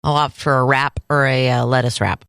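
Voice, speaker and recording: A woman co-hosting a casual podcast, chatty and quick to laugh. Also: extremely low pitch, level tone, gravelly, fairly bright tone, clean tone, no room sound, clean studio sound. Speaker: podcast co-host. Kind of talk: casual chat.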